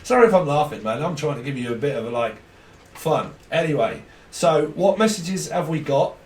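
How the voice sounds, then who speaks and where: A man's voice: fairly high pitch, lively intonation, normal speed. A man giving a casual tarot reading, rambling, laughing often and swearing freely. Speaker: tarot reader. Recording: echoey room, mic at a distance.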